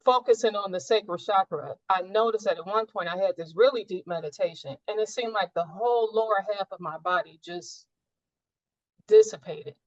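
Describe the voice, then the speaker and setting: Recorded dull and dry, a woman with a fairly low-pitched voice talks through a personal spiritual experience during a coaching session. She is the client, earnest and searching, often reworking her thoughts mid-sentence.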